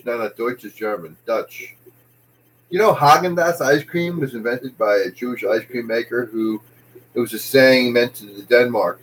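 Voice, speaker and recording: A man's voice: medium pitch, low-quality recording. A man rambling through a jokey comic monologue, jumping from one tangent to the next. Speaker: comedian host.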